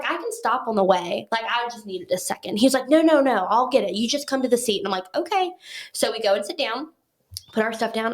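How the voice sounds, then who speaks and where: A woman guest on a podcast, telling a story in casual chat. She is talkative and animated, and she acts out what other people said. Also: on the high side.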